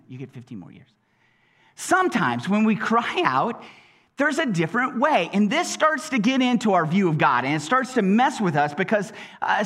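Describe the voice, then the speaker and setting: A man preaching a sermon in a conversational way, acting out quoted prayers and often repeating words as he goes. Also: high voice. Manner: animated, acts out quoted prayers in changing voices; conversational, with frequent word repeats. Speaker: pastor.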